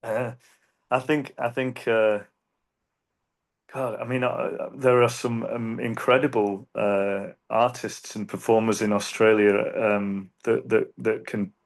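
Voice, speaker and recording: A man with a fairly low voice speaks as a guest in an interview. He talks earnestly and reflectively, in an unhurried way. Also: level tone. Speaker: guest singer. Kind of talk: interview conversation.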